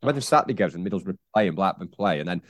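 A man co-hosting a football podcast in casual, animated chat. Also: deep voice, racing, no room sound, studio quality. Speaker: podcast co-host.

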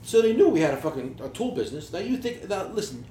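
A man hosting a podcast, swearing freely through lively, animated stories about his tool business. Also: high-pitched, fast. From New Jersey. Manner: profane, animated storytelling. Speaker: podcast host, tool dealer. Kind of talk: casual podcast chat. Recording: roomy echo, faint background hiss.

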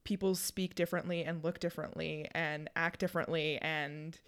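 A woman's voice: sits low, little pitch movement, moderate pace, smooth. A woman co-hosting a podcast, chatting casually and laughing easily. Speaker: podcast co-host, tabletop player. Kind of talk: casual chat.

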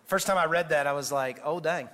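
A lead pastor giving a conversational sermon and reading a fable aloud to the congregation. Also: male voice, fairly high pitch, fairly quick, noisy background. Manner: conversational, storytelling. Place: church sanctuary. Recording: echoey church hall.

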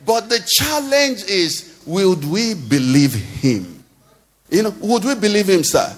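Nigerian preacher with singsong cadence. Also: male voice, sits high, big pitch swings, slow pace. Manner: rhetorical questions to the congregation, sing-song cadence. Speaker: pastor. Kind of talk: sermon. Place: church hall. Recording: long hall reverb.

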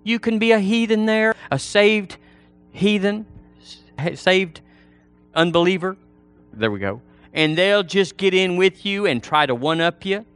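Male preacher, folksy, bright and fairly high voice, faint music underneath. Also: measured pace, pauses often, clear, resonant tone. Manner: folksy and animated, mimics people in funny voices. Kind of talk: sermon.

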